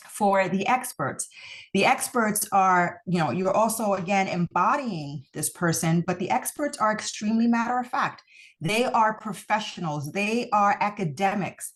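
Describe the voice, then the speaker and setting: A woman who founded a mock trial program, giving a recorded lesson in an encouraging, deliberate way and stressing key words. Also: mid-range voice, animated.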